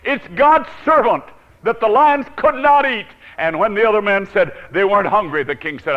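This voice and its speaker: A male preacher telling a Bible story in a dramatic sermon, swinging from loud to hushed and chuckling often. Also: high voice, expressive, normal speed, lo-fi sound.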